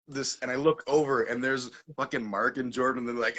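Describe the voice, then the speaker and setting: A man hosting a casual chat, telling a story with lively swings between loud and quiet and frequent laughter. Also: mid-range voice, normal speed, low-quality recording. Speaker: podcast host.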